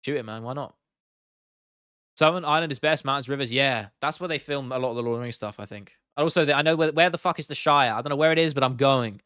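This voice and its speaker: A young man with an English accent chats casually on a live stream, swearing freely as he answers his chat. His voice is smooth and clear, with a middling pitch. The sound is dry and close to the mic. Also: fast talker, few pauses, fairly bright tone, no echo. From England.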